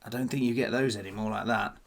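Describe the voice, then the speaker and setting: Fairly low in pitch, with even intonation, vocal fry and a quick pace, this man hosts his own whisky channel. He talks casually to the camera during a tasting, thinking out loud as he samples.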